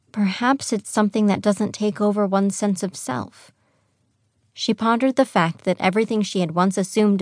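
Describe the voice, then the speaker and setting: A woman reads a teen fantasy novel aloud in measured, even narration. Her voice sits at a middling pitch, recorded close on a studio mic with a dry, dead sound. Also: no room sound. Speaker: audiobook narrator. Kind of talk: scripted audiobook narration.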